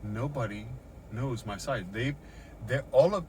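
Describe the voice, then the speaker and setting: Sitting in a parked car in a parking lot, a shaken middle-aged man, a vlogger, records on his phone as he recounts an encounter. His medium-pitched voice keeps a measured pace, though his first-person account is agitated, full of swearing and repetition. Background noise is noticeable.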